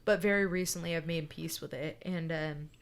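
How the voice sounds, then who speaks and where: A woman's voice: low voice, moderate pace, gravelly. A woman in casual podcast chat, telling a personal story bluntly, swearing often and checking in with "right?". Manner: emphatic and candid.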